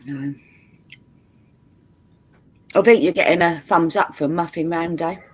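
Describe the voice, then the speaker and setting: A woman's voice: lowish voice, unhurried, slightly rough. A British woman in casual chat on a video call, teasing and chatty, laughing often. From Britain.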